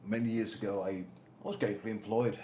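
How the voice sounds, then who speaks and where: Older man, low pitch, deadpan co-host, echoey home setup. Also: fairly quick. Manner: dry, teasing banter. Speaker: co-host of live stream. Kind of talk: casual live stream chat. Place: home in Spain. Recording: roomy with faint noise.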